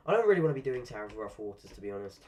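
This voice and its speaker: A man's voice: on the low side, very animated, rapid-fire, darkish tone. A man with a cold and a stuffy voice, giving casual gameplay commentary with dry, grumbling, self-mocking asides. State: congested from a cold. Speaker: gaming streamer.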